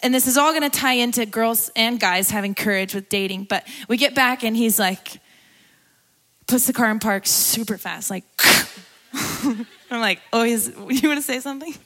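A young guest speaker at a church gathering preaches her candid personal testimony in a highish, fairly bright voice at normal speed. Her manner is casual and conversational, with frequent laughter and occasional tears.

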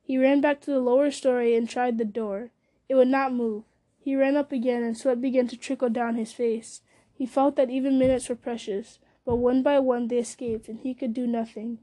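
A woman's voice: fairly high pitch, fairly even intonation, normal speed, mellow. A woman reading a fantasy novel aloud, telling the story steadily with small slips and restarts. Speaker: reader.

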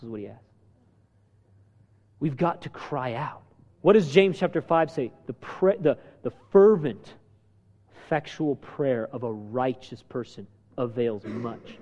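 A man preaching a sermon, animated, asking the crowd rhetorical questions and acting out quotes. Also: mid-range voice, a little slow, long pauses, muffled recording. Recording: long hall reverb.

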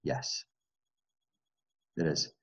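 A man's voice: extremely slow, fairly bright tone, rough recording. A man hosting a live stream, reading viewer comments and answering them in a rambling, self-interrupting way with wry asides.

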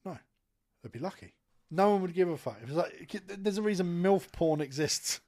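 A man in his thirties hosts a casual studio podcast. He talks in blunt, sweary, animated banter with a slightly high voice. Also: normal speed. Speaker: podcast host. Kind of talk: casual chat.

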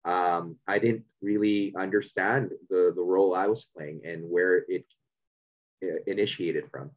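A man from Canada hosting a podcast, speaking in a thoughtful, halting way with many restarts. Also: deep voice, fairly even intonation, muffled recording. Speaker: podcast host. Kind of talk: reflective conversational interview.

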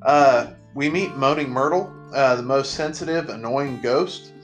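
A man's voice: mid-range voice, unhurried, soft background music. Sarcastic man recapping a movie. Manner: sarcastic, joking asides. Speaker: podcast host recapping a movie. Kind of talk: casual comedic recap.

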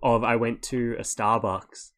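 Young aussie guy rambling through a story on a podcast, swears a lot, average pitch. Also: steady tone, a bit bright. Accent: Australian. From Australia. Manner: swears freely, tells stories with quick asides. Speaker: podcast co-host. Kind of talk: casual chat.

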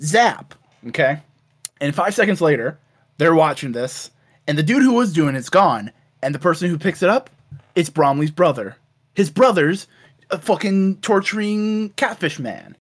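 A man's voice: on the high side, lively intonation, moderate pace. A man co-hosting a casual chat, animatedly retelling a cartoon with lots of swearing. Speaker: podcast co-host.

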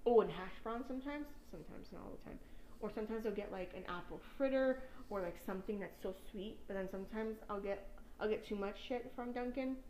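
A woman's voice: medium pitch, brisk, a little mellow, reverberant, slight background noise, low-quality recording. A young woman from New York, a podcast host chatting casually, rambling and swearing and laughing at her own stories. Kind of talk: casual chat.

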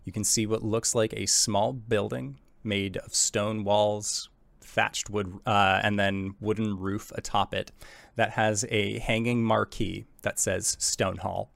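A man narrating a tabletop game as game master, describing scenes in a relaxed way full of fillers. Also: fairly low pitch, slow, creaky, dry recording.

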